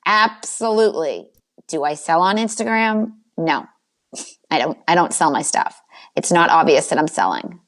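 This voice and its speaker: Brief: confident Boston-accented woman, quick talker, lower voice, podcast guest coach. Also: sing-song, fairly bright tone. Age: older. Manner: fast-talking, self-assured. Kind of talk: podcast interview.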